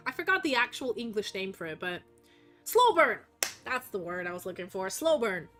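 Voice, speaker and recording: A woman's voice: medium pitch, big pitch swings, brisk, fairly bright tone, soft background music. A woman streamer with a Russian accent, a native Russian speaker, chatting casually while she plays, rambling and swearing freely. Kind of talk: casual chat while gaming.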